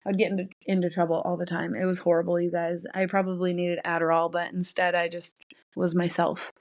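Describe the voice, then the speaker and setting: A woman's voice: on the low side, level tone, brisk. A young woman hosting her own podcast, talking alone in a rambling, chatty way and laughing often. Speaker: podcast host. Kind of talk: casual solo podcast chat.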